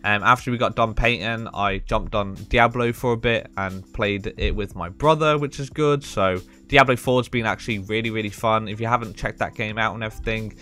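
A young man chatting casually as he comments on his game loot. He talks excitably and fills his speech with ums and "man.". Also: lowish voice, moderate pace, hardly any pauses, faint music behind. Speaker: gaming video creator.

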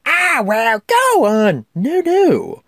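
Male cartoon parrot, shrill squawk, whiny, loud, sarcastic, animated film clip. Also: very slow, no echo, studio quality, full character voice.

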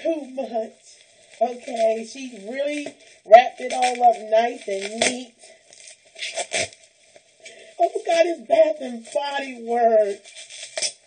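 A woman's voice: a little high, slow, long pauses, mellow, a little hiss or hum, poor audio. A woman, opening gifts on a vlog, gushing and squealing and close to tears, calling out praise to God. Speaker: vlogger opening a gift package. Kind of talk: unboxing vlog, emotional chat.

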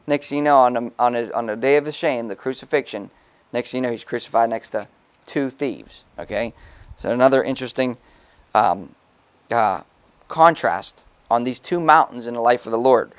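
A male pastor preaching a sermon in a relaxed, talkative way, stopping to read scripture aloud and adding quick asides. His voice sits at a middle pitch. The recording is dry and close, with little room sound. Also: clean tone, dry recording. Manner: casual preaching, reads scripture aloud, frequent "okay?" asides. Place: church.

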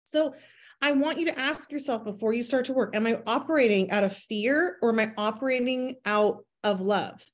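A woman's voice: on the high side, normal speed. A woman in her thirties giving a motivational talk to her sales team, acting out inner voices in quoted asides. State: pregnant, near her due date. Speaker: network marketing team leader.

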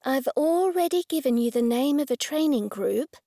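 Audiobook: woman narrator reading a calm, patient lady vet, slightly high and very dry. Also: normal speed, dry recording. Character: patient female veterinarian.

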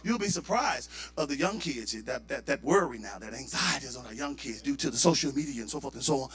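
A male pastor with a Southern US accent, preaching a sermon and building to shouted fervor. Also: mid-range voice, gravelly.

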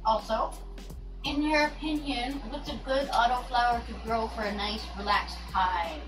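A woman's voice: fairly high pitch, normal speed. Woman reading chat in an echoey room. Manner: reads comments aloud with soft laughs. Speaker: co-host reading viewer chat. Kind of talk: casual livestream chat. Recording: echoey room, voice far from mic, music behind.

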